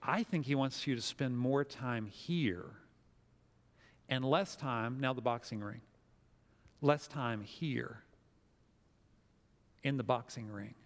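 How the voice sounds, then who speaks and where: A man preaching a sermon as pastor, telling a story with lively acted-out quotes. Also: mid-range voice, slow, long pauses, long reverb tail.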